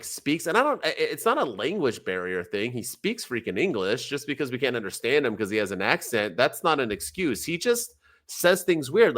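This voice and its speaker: A man co-hosting a casual podcast, talking in an animated, profane rant. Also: medium pitch. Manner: animated, profane, ranting, mocks others in quoted voices. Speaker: podcast co-host. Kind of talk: casual chat.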